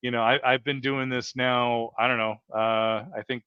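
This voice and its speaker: A man's voice: medium pitch, little pitch movement, normal speed, clean tone, no echo. A man hosting a casual interview, talking earnestly and rambling with many restarts and fillers. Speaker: host. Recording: dull lo-fi dry sound.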